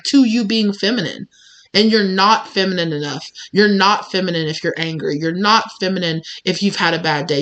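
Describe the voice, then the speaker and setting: A woman's voice: medium pitch, a bit bright. A young woman reading tarot for her channel, talking candidly and emphatically in a loose, chatty way full of "like" and "you know". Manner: candid, emphatic, uses fillers like "like". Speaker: tarot reader. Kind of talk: casual tarot reading monologue.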